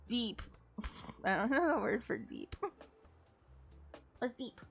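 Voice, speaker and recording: A woman talks casually to her live-stream viewers while she plays a game. Her voice sits a little high and she takes her time, giggling and stopping to correct herself. Soft game music plays faintly underneath. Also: animated, slow pace, creaky, pauses often.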